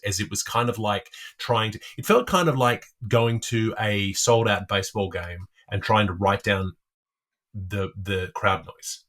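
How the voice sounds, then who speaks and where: A man's voice: lowish voice, a bit bright. A man co-hosting a casual podcast about a novel, thinking aloud with many fillers and restarts. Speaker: podcast co-host. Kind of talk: casual literary discussion.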